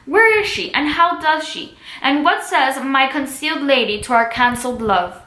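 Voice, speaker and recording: A woman's voice: sits high, normal speed, sharp tone. A woman reading the part of a desperate, grieving young man in an anguished read-aloud voice. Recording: echoey room.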